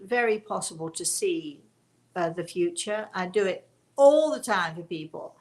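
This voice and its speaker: A woman's voice: mid-range voice, vocal fry. An older woman, a spiritual medium, talking in a rambling, chatty way to a live audience, often correcting herself and laughing. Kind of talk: casual live-stream chat.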